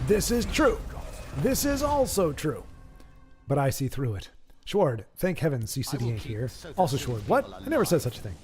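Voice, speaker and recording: A man's voice: fairly high pitch, huge pitch swings, measured pace, long pauses, over music. A man hosting a live game stream, chatting casually with viewers and commenting on matches in a joking, rambling way that stumbles over repeated words.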